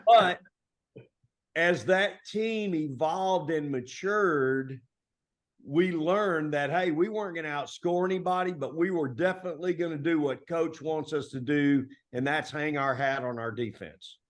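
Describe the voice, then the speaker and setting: A middle-aged man from Texas, a basketball coach telling stories in a relaxed, folksy interview style full of colloquial turns. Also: on the high side, a little slow. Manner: folksy, animated storytelling with Southern colloquialisms. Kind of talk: conversational storytelling interview.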